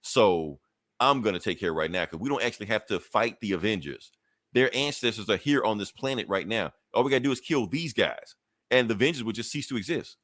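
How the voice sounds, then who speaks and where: A scheming male villain explaining his plan, as a man puts him on. He rattles it off quickly in a deep, everyday voice. The sound is close and dry. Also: expressive, fairly bright tone, no room sound. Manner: rapid offhand paraphrase.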